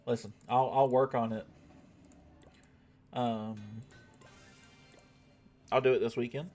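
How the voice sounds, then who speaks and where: A man's voice: mid-range voice, fairly even intonation, slow, pauses often, mellow, soft background music. Laid-back male game streamer. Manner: laid-back, chatty, swears casually. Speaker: gaming livestreamer. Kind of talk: casual live-stream chat.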